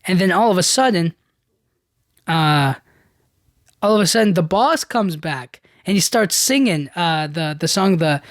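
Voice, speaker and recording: A man's voice: sits high, expressive, unhurried, pauses often, no room sound, studio quality. A young man hosting a podcast, retelling a film in loose casual chat, full of "like" and "you know". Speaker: podcast host.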